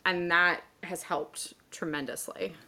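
A woman in her thirties in a casual panel chat, quick to laugh at herself as she tells stories. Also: fairly low pitch, fairly even intonation, sharp tone. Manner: laughs often, quick self-mocking asides. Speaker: guest.

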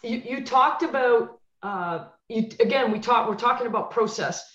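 A woman's voice: fairly high pitch, moderate pace, roomy sound, lo-fi sound. A woman who used to coach basketball and now coaches clients, telling stories in a podcast chat and acting out the dialogue with emphatic repeats. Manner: animated, acts out dialogue with emphatic repetition. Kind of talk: podcast conversation, storytelling.

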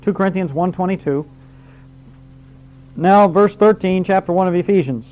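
A man's voice: high-pitched, moderate pace. A man teaching a Bible class, explaining verse by verse, reading scripture aloud and quizzing his students. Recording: dull lo-fi recording.

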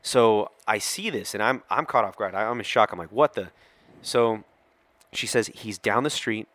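A middle-aged man with a fairly low voice tells a story on a podcast, acting out every quoted line. The close mic sounds dry, with no room around it. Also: moderate pace, dry recording. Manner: animated storyteller who acts out quoted lines. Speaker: police officer guest telling a story.

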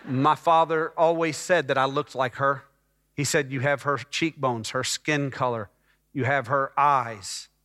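Bright-voiced preacher man in a reverberant hall. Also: medium pitch, fairly even intonation, measured pace. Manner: storytelling, swings from hushed to loud and emphatic. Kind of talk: testimony sermon.

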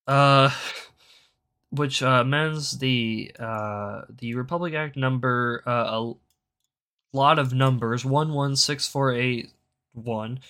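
The voice is mid-range, pushed and bright, belonging to a young adult host of around eighteen. Alone on his commentary show, he rants with plenty of swearing and keeps wandering off on tangents.

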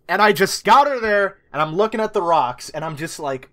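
A player describing their character's actions in a tabletop game, animated and laughing often. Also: mid-range voice. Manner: animated, laughing, drawn-out speech. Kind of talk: casual tabletop role-play.

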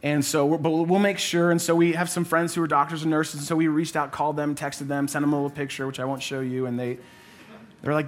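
Preaching to a church congregation, a man in his thirties talks fast in a fairly high voice with little pitch movement. The pastor shares a family story in an earnest, conversational way and performs the quoted lines.

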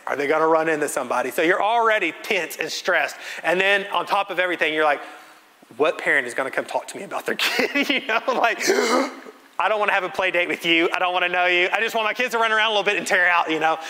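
A man's voice: high-pitched, quick pace. A man, preaching as a pastor and telling a funny family story with acted-out quotes. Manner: animated, self-mocking storytelling with acted-out quotes. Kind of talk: sermon storytelling. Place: church sanctuary. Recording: reverberant church hall.

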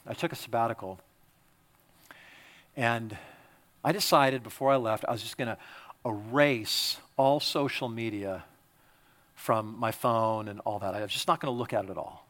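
Pastor guy preaching, high bright voice, gets loud and punchy then goes quiet. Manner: emphatic, swings from loud exhortation to quiet confiding. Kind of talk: sermon.

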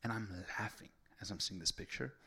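A man's voice: fairly low pitch, a little fast, creaky, breathy edge. A man preaching a sermon. He talks casually at first, then builds to fervent, raised delivery. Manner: conversational, builds to fervent shouting.

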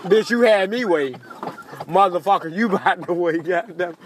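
A man with a notably high voice and a bright, sharp edge rants in a comic monologue. He speaks, cussing freely and laughing at his own jokes. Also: normal speed, a little hiss or hum. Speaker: comedian. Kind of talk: stand-up style comedic rant.

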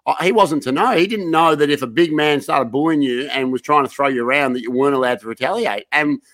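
A man's voice: on the high side, fast, fairly bright tone, no echo. Aussie guy cohosting, blunt sweary banter, normal mid voice. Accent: Australian. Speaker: podcast co-host. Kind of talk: casual banter.

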